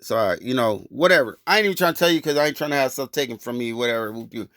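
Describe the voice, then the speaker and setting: A man's voice: mid-range voice, lively intonation, rapid-fire, a bit bright, no room sound, clean studio sound. A man telling a personal story in loose, rambling, profane street talk. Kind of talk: casual storytelling.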